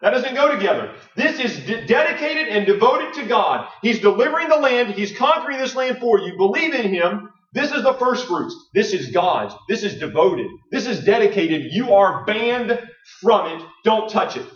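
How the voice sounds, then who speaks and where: A man with a high voice preaches an earnest sermon, stumbling through fillers and restarts as he works through scripture. He sounds set back from the mic, and the sound is muffled and roomy, like a church hall. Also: big pitch swings, moderate pace, fairly bright tone, recorded from a distance.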